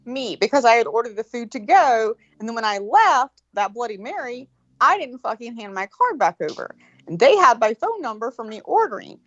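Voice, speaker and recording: A woman telling a long story in casual chat, animated and profane, acting out the voices of the people in it. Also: fairly high pitch, moderate pace, dry recording, muffled recording. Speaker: guest.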